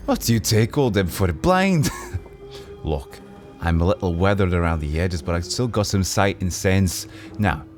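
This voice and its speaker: A man's voice: deep voice, animated, measured pace, darkish tone, faint music behind. A man voicing a friendly old retired male city guard with a Scottish accent, chatty and folksy in an old-timey way. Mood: jovial.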